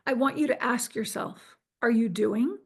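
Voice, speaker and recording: Middle-aged woman guest, higher voice with a gravelly fry, recounting her experience earnestly. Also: unhurried. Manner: earnest, restarts and quotes herself. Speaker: interview guest. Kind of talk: personal storytelling.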